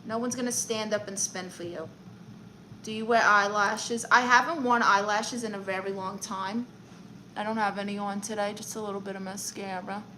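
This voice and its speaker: Playing a character, a Brooklyn-accented woman hosts a comedy livestream, brashly greeting viewers and reading the chat out loud in a chatty way. She speaks at a moderate pace in a steady, mid-range voice that sounds pushed and bright. The recording is low quality with slight background noise.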